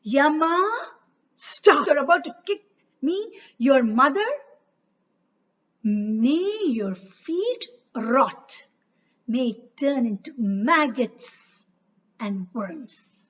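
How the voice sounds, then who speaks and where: A woman's voice: high-pitched, big pitch swings, drawn-out words, long pauses, fairly bright tone, heavily acted. A woman voicing a bitter shadow-clone stepmother who scolds and curses sharply, on a dull, distant recording. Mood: wrathful.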